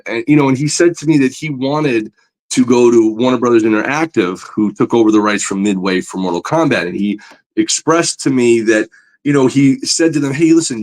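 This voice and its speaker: A man, a comic book artist, chatting as a guest in an interview, telling stories with lively enthusiasm and many fillers. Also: lowish voice. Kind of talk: casual interview storytelling.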